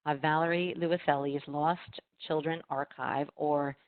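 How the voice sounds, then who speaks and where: A woman with a low voice talks through book picks in a relaxed chat, filling pauses with ums and uhs. The sound is dry and tinny, like a video call. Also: no echo. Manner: reads blurbs with frequent ums and uhs. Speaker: library marketing host. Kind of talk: casual book recommendation chat.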